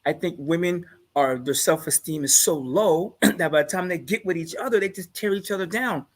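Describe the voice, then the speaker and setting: A man's voice: high voice, normal speed. Laid-back man bragging and joking. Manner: laid-back, boastful, laughs at his own jokes. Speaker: guest on a live discussion show. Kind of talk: casual chat, storytelling.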